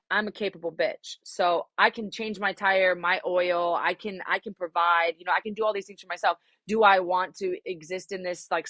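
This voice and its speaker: A woman's voice: mid-range voice, a bit bright, no echo. A young adult woman, a singer-songwriter, answering interview questions frankly and reflectively, with many fillers and some swearing.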